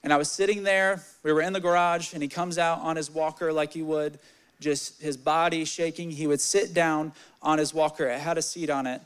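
A young male preacher with a fairly high voice, delivering a sermon in a candid, storytelling way. He gets louder and more animated as his stories build, then drops low and quiet when he reads scripture. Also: normal speed, smooth.

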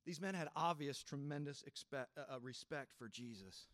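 A male pastor giving a sermon in a reflective, unhurried way, with soft laughs and sudden drops from a firm voice to a near hush. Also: medium pitch, no room sound, studio quality.

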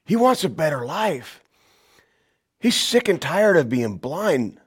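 A pastor preaching a sermon, shouting some lines and dropping to a hushed voice on others. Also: male voice, sing-song, slow pace, slightly rough. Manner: dynamic preaching, swings from loud shouts to hushed low lines.

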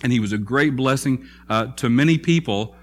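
A man preaching a sermon in a conversational way, often pausing with fillers and restarting his phrases. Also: medium pitch. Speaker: pastor.

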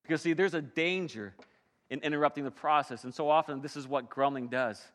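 A pastor preaching a sermon with dynamic delivery, swinging between soft and loud passages. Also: male voice, fairly high pitch, fairly quick, big-room sound.

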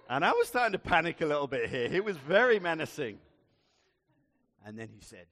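A man giving a sermon, telling a story with measured, dry humour. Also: on the high side, big pitch swings, fairly bright tone. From England. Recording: long reverb hall.

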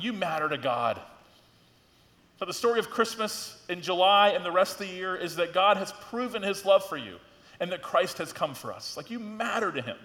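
A middle-aged man preaching a sermon as a pastor, in a conversational, animated way with lots of "like" and rising emphasis. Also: high-pitched. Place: church sanctuary. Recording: church hall reverb.

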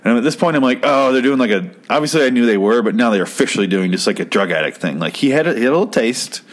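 A man's voice: mid-range voice, animated, very fast. A man casually recapping a story in a profane, rambling way, often correcting himself. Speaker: comedian recapping a show.

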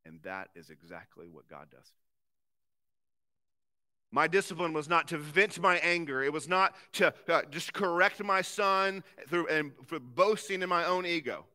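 A man in his thirties, a pastor preaching a sermon with earnest conviction, swinging between forceful emphasis and very soft, quiet passages. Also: a little high, animated, unhurried.

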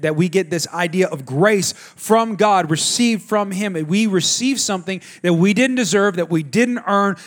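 This is a man in his thirties with a light, high-pitched voice, preaching a sermon. He talks in an easy, conversational way, mixing family stories with direct asides to the congregation. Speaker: pastor.

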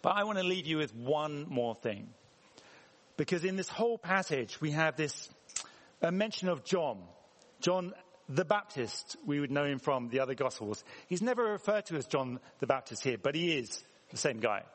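In an echoing church hall, a man from England preaches at normal speed in a fairly high, expressive voice. He keeps the sermon conversational, repeatedly asking the congregation questions.

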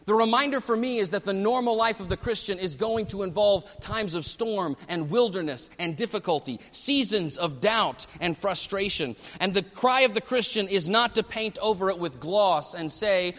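A male pastor preaching a sermon at a church service, animated and asking the congregation questions. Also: sits high, normal speed, big-room sound.

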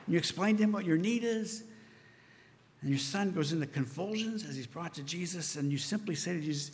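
Male pastor, earnest conversational preaching, slightly higher voice, long church-hall reverb. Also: a little fast, slight background noise. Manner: earnest, conversational preaching with frequent "right?" asides. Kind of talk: sermon.

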